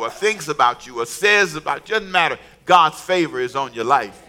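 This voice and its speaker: A middle-aged man preaching a sermon with humor and storytelling, calling on the congregation to repeat lines after him and shouting his emphatic declarations. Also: high-pitched, animated, fast, few pauses, crowd noise. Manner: call-and-response, urging the congregation to repeat lines; storytelling with humor, laughing at his own jokes. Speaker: pastor.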